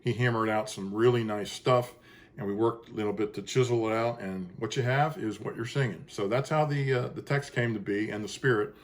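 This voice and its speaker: A man's voice: fairly low pitch, a little fast. A man, a composer, talks casually and earnestly about how he made his choral piece, wandering through asides with many fillers and restarts. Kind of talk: casual spoken explanation.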